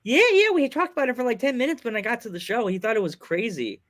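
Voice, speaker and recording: A man hosting a podcast, telling rambling, excitable stories in casual chat. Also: very high-pitched, quick pace. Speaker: podcast host.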